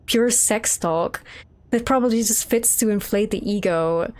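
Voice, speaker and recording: A woman's voice: medium pitch, a little slow, darkish tone. A woman streamer giving sarcastic, profane commentary while playing a game. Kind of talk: gameplay commentary.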